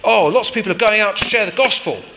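A man's voice: high voice, lively intonation, quick pace, background noise, pitched above the performer's own voice. A man voicing a curious, gossipy male Roman prison guard with a put-on accent. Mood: chatty.

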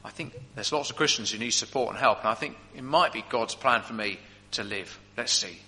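A preacher playing the apostle Paul in chains, upbeat and confident, in a long hall reverb. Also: male voice, medium pitch, fairly quick, pushed and bright, voice pushed down.

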